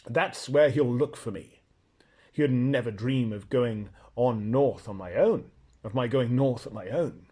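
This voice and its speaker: A man reading aloud, voicing a proud and blunt talking male horse who lectures in a brisk, scornful way. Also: medium pitch, mellow, slightly rough. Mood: planning.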